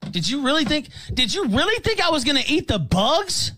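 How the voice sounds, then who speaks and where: A man's voice: extremely high pitch, very animated, brisk, pushed and bright, poor audio. A man in played clips, ranting furiously and cursing at his targets. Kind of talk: angry rant.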